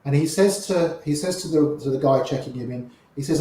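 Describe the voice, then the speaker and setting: An older man, an interview guest, telling lively anecdotes and acting out the voices of the people in them. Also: a little high, a little fast, very echoey, a little hiss or hum, rough recording. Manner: lively raconteur, acts out quoted voices. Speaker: interview guest, poker player. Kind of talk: anecdotal storytelling.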